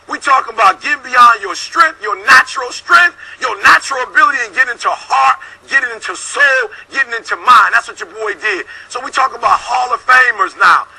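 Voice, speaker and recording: A man giving a fiery motivational pep talk, preacher-like, punching his points with repeated "baby" and "boom". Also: sharp tone, slightly rough, poor audio. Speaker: motivational speaker.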